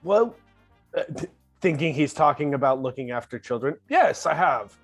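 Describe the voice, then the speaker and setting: A man's voice: fairly high pitch, animated, normal speed, husky, dry recording, soft background music. A man playing a polite, fussy character who looks after children, speaking hesitantly in an improvised tabletop role-play.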